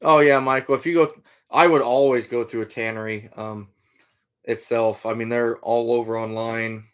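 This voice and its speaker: A man's voice: mid-range voice, fairly even intonation, moderate pace, a bit bright, clear, resonant tone. A middle-aged man from Iowa hosting a casual livestream, answering viewer comments in an easygoing, rambling way with lots of fillers. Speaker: livestream host, trapper and hunter.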